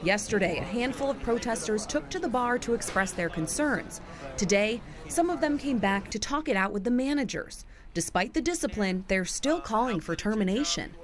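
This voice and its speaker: A woman news reporter reading a scripted report in a crisp, measured way. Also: on the high side, expressive, crowd noise.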